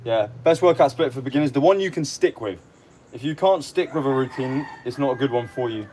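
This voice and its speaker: A man hosting a casual livestream, a fitness trainer answering viewers' questions in relaxed short lists. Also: mid-range voice, fairly quick.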